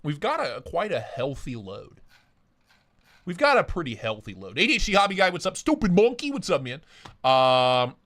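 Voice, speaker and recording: A man's voice: fairly high pitch, huge pitch swings, moderate pace, a bit bright. A man hosting a live stream, joking crudely and greeting chatters by name while short of breath from a big meal. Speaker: livestream host. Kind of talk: casual live chat reading viewer comments. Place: home office.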